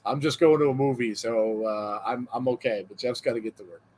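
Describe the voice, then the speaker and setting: A man co-hosting a podcast in relaxed, casual chat. He reads jokes aloud, chuckles often and rambles through fillers. His voice sits at an everyday middle pitch. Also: brisk, slightly rough. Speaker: podcast co-host.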